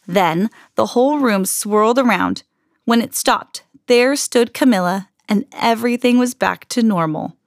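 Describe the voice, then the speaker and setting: A woman hosting a podcast, reading a children's picture book aloud in an expressive storytelling manner. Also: fairly high pitch, measured pace, no room sound, studio quality.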